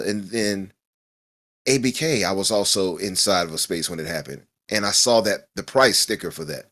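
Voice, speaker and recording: A man with a lowish voice co-hosts a casual gaming podcast. His speech swings widely up and down as he jokes, and he talks with lively energy. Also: fairly quick. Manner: animated, joking, laughs loudly. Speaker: podcast co-host.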